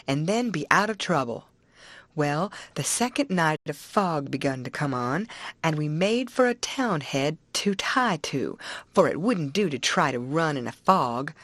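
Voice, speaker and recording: A woman narrating an audiobook in a steady, folksy storytelling manner. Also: fairly low pitch, no room sound.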